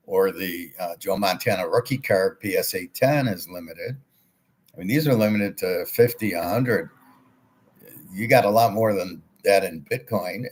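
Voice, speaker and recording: A man's voice: sits low, slightly rough. A man telling a story in a casual monologue, blunt and ranting, swearing and repeating himself. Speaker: show host, self-described economist.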